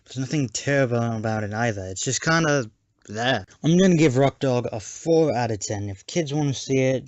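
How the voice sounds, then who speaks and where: A man's voice: fairly low pitch, darkish tone, dry recording. A man giving a sarcastic, jokey scripted movie review with mocking asides. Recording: dull lo-fi home mic.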